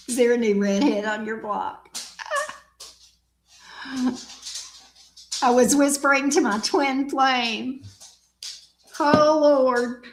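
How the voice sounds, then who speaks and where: A teasing, joking woman chatting casually with her viewers and her dog. Her voice sits fairly high, and she takes her time over every phrase. The sound bounces around an echoey room. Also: very slow, long pauses. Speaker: tarot reader, channel host.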